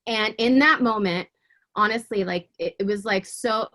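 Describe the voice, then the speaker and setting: A woman guest tells her faith story in an interview, her voice sitting at an ordinary middle pitch. She speaks with raw emotion, stumbling and repeating words as she pushes through, then turns fervent and earnest. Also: normal speed, fairly bright tone. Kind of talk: personal faith testimony in conversation.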